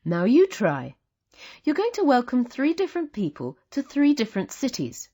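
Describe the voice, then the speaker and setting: A woman guiding learners through a language lesson in a patient, encouraging way. Her voice has a slight huskiness, and her pitch moves a lot. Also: wildly swooping pitch, moderate pace, warm tone. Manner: patient, encouraging teacher's delivery. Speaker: course narrator. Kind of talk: scripted instructional narration.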